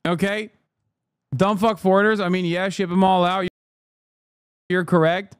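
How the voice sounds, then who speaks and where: A man's voice: high-pitched, steady tone, a little slow, clean tone, no room sound, studio quality. A man in his thirties streaming a profane, combative rant straight at his chat. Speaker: streamer reacting to news.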